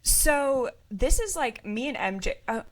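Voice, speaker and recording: A woman's voice: sits high, big pitch swings, unhurried. A woman co-hosting a podcast in casual chat, bubbly and playful, saying "like" constantly. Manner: bubbly, playful, heavy use of filler 'like'. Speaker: podcast co-host.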